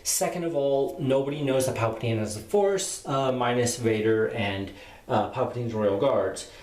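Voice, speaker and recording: A man's voice: mid-range voice, normal speed, darkish tone. A man giving a casual spoken book review, retelling the plot in a rambling way with many fillers. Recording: roomy echo.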